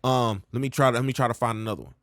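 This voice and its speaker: A man's voice: medium pitch, steady tone, rapid-fire, fairly bright tone, no room sound, studio quality. A man giving a laid-back, slangy rap coaching lesson, often checking in with "all right?". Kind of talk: casual music lesson with rap demos.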